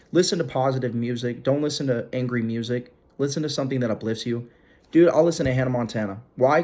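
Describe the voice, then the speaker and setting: A man's voice: medium pitch, a little mellow. A young man talking straight to viewers in a casual advice video, blunt and emphatic, coaching them in everyday slang and repeating his points. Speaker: self-help video host. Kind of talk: direct-to-camera advice talk.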